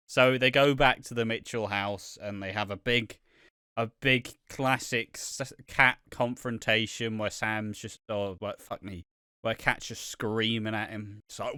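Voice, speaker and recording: A man's voice: lowish voice, fairly even intonation, a little slow, pushed and bright, clear, resonant tone, no room sound, studio quality. A man from Britain co-hosting a podcast, chatting casually and animatedly about a soap episode, often swearing and acting out lines. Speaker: podcast co-host.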